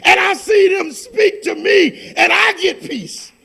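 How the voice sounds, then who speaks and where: A man preaching a fervent sermon as pastor, dropping to a hush and then building to shouted, repeated lines. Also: very high-pitched, takes it slowly, gravelly.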